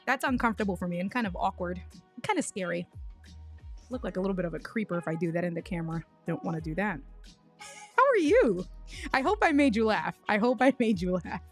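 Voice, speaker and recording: This livestream host's voice sits on the low side, with faint music behind her. Chatting casually, she shares a story of a technical mishap and welcomes viewers by name, frequently stopping and starting over.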